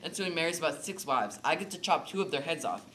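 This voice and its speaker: A man's voice: on the high side, fast talker, bright, forceful tone, rough recording. A teenage boy with a stuffed-up nose chatting on a casual podcast, rambling along. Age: teens. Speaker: podcast co-host. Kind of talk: casual chat.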